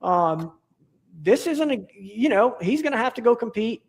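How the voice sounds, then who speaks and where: A man's voice: very high voice, big pitch swings, measured pace, gravelly, breathy edge. A man talking as a podcast guest in casual chat, rambling and enthusiastic, with many restarts and fillers.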